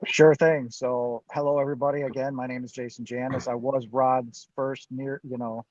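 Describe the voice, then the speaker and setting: A man's voice: mid-range voice, flat delivery, normal speed, a little mellow, no room sound, muffled recording. Rambling man telling a story from a car. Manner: rambling, full of "you know" and "I'm like". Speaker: guest. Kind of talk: personal storytelling. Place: inside a parked car.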